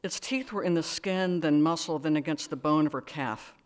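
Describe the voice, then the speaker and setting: A woman's voice: low-pitched, moderate pace. Wry woman reading her story aloud. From United States. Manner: wry, dry asides, hesitant fillers. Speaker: author reading her work. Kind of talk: live literary reading with asides.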